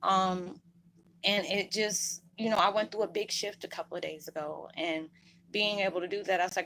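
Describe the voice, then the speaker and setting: A woman's voice: medium pitch, moderate pace, sharp tone, slight background noise, poor audio. A woman vlogger talking to her viewers in a rambling, heartfelt way, emotional and holding back tears. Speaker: spiritual vlogger. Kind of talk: heartfelt casual monologue to viewers.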